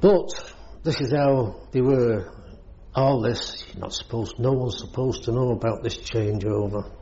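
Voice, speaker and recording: A man's voice: medium pitch, a little slow, mellow, muffled recording, a little hiss or hum. An older British man, a war veteran, telling his service stories in a rambling way, chuckling often. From Britain. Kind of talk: oral history storytelling.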